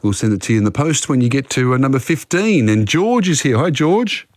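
Male radio quiz host, mid-pitched, dry close studio mic, casual and chatty. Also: lively intonation, brisk, a little mellow, dry recording. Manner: chatty, reads questions then talks them through.

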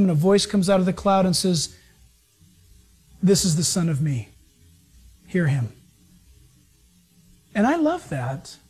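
A high-pitched pastor preaches a sermon, shifting between loud, acted-out lines and hushed, serious passages.

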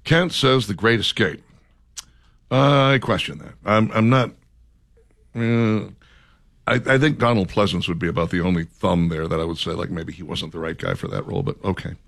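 A man hosting a talk radio show, reading listener picks in a relaxed, drawling way with lots of ums and uhs. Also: sits low, moderate pace, gravelly. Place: radio studio.

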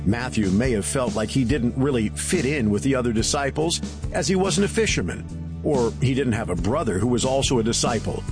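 A male announcer reads a devotional reflection with a lively, expressive pitch. The delivery is smooth and scripted. Music plays clearly underneath his voice. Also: a little fast. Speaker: radio program announcer.

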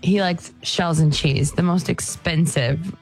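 A woman in her thirties co-hosting a casual chat, bubbly and animated in her reactions. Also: on the low side, measured pace, breathy edge, faint music behind. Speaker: co-host.

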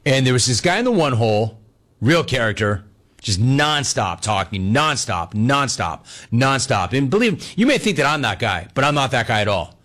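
A man hosts a sports talk show, riffing casually and throwing himself into a story. His pitch swings widely as he slips into the voices of other people, and faint music plays under him. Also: sing-song, a bit bright. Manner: fast talking, acts out other people's voices in quotes. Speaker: sports talk radio host. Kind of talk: animated casual storytelling monologue.

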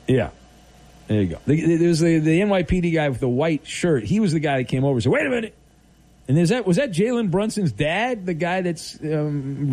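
A man's voice: medium pitch, warm tone. A man hosting a late-night call-in radio show, reading listener messages aloud and bantering easily with callers. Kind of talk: casual call-in radio talk.

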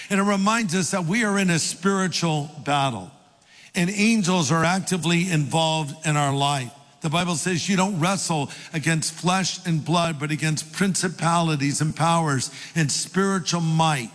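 An older pastor preaching a sermon with folksy, self-deprecating stories. His voice sits somewhat high for a man. A long hall reverb trails every phrase. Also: normal speed, a bit bright. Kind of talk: sermon with storytelling.

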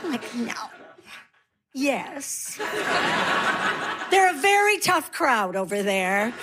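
A woman's voice: fairly high pitch, very animated, very slow, very noisy. A woman in her sixties doing stand-up comedy on stage, wry and self-mocking, acting out other people's lines. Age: 60s. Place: comedy stage before a laughing crowd.

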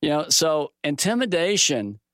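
A middle-aged man teaching from the Bible in a relaxed, folksy way, mixing scripture with a personal sports story and lively quoted dialogue. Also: fairly high pitch, normal speed, no room sound, studio quality. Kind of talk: conversational Bible teaching with stories.

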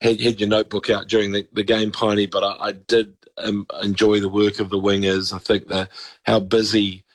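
A man's voice: fairly low pitch, flat delivery, normal speed, no echo. A man, a regular commentator chatting about sport on radio in an opinionated, rambling way. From New Zealand. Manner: chatty, opinionated, with frequent restarts. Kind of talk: casual radio sports chat.

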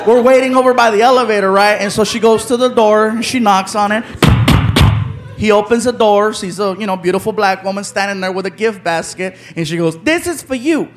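A man telling a story as a stand-up comedian, animated and loud, acting out the people in it. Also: sits high, fairly quick. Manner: animated, loud, acts out characters with shouted voices. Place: live comedy venue with laughing audience. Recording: live show with loud crowd noise.

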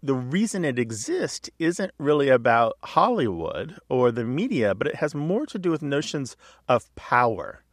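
A man hosting a call-in radio show, explaining to a caller in a relaxed, chatty way with little asides. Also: mid-range voice, moderate pace, no echo, studio quality. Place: radio studio.

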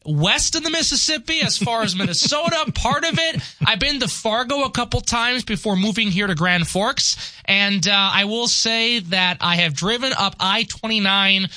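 High, bright Long Island accented young man. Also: normal speed, hardly any pauses, dry recording. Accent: Long Island New York. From Long Island, New York. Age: 20s. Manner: chatty, enthusiastic. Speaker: new radio newsman. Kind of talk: casual radio chat.

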